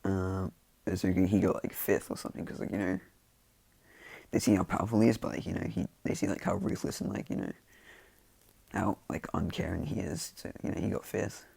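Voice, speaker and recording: Deep gravelly man rambling casually. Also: expressive, brisk, darkish tone, no echo. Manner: rambling, filler-heavy, loose and offhand. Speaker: fan storyteller. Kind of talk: casual spoken fan-fiction retelling.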